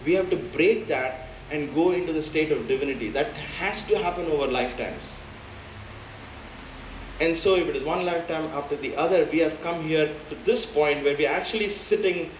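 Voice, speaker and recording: A man giving a conversational spiritual talk at a satsang, telling stories and acting out quotes. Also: fairly high pitch. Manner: storytelling, conversational, acts out quotes. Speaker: satsang speaker. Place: devotional center hall. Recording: echoey hall with faint hiss.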